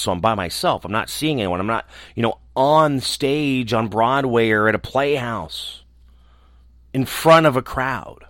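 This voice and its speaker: A man who hosts a show, talking alone in a small room in a reflective, earnest way, often restarting and trailing off softly. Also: medium pitch, no echo, studio quality. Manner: earnest, halting, with restarts and soft trailing endings. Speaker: radio host. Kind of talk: reflective casual monologue.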